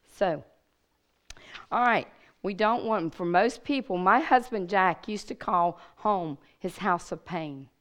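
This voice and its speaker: Woman preaching a lively testimony. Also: medium pitch, slow. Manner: animated storyteller addressing the audience directly. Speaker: guest speaker at a women's church gathering. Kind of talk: testimony sermon.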